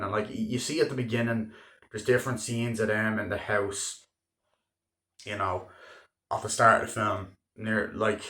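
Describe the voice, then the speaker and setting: A young man giving a casual spoken movie review, excitable and swearing freely, jumping into loud acted-out bits of scenes. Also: fairly low pitch. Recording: echoey room.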